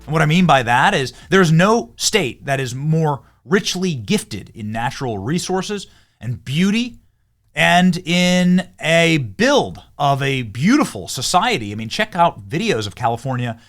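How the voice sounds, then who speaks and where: A man delivers heated political commentary with an animated, rising and falling pitch. His voice sits a touch high. He hammers his points, then drops to low, bitter asides. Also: measured pace. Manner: heated, emphatic, swings between loud and low. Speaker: political commentary channel host. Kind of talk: partisan commentary over clips.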